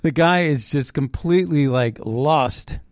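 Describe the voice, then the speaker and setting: A man's voice: fairly high pitch, a little slow, no room sound, clean studio sound. Rambling, scoffing male podcast co-host. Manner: rambling, many fillers and restarts, scoffing. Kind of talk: casual chat.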